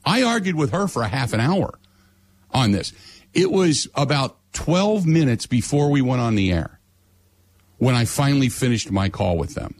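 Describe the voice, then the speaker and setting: Husky middle-aged sports radio host. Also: male voice, medium pitch, very animated, normal speed. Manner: exasperated storyteller, blunt and sarcastic. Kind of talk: casual ranting chat.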